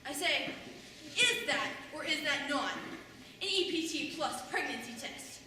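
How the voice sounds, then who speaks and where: A student actor, a young woman, performs a stage monologue as a wry, bitter middle-aged mother, telling a story with sardonic humor and mimicking other people. Her high, expressive, unhurried voice is pushed and bright, a full character voice. A distant room mic on a school stage in a large hall captures her from far off, with echo and faint noise.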